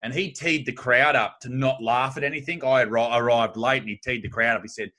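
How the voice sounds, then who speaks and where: A man, a stand-up comedian, swaps crude stories in casual chat. His voice is bright and forceful, and he tells them in a brash, sweary way. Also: mid-range voice, fairly even intonation, fairly quick.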